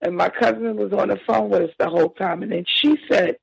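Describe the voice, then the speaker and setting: A woman telling a painful family story as a podcast guest, halting and emotional with frequent restarts. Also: medium pitch, fairly even intonation, creaky, slightly rough, no echo, rough recording. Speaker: victim's sister, interview guest. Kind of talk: personal account in a podcast interview.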